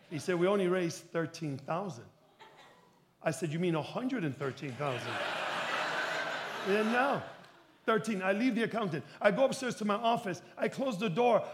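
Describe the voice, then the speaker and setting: Animated high-voiced preacher man. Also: moderate pace. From Chicago. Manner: animated, acts out dialogue, shouts for emphasis. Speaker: pastor. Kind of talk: sermon with storytelling.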